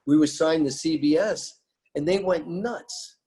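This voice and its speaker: A man's voice: a little high, a little slow, dark tone, breathy edge. An American man telling music-business stories in an interview, emphatic and rambling, repeating his phrases. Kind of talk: animated storytelling interview.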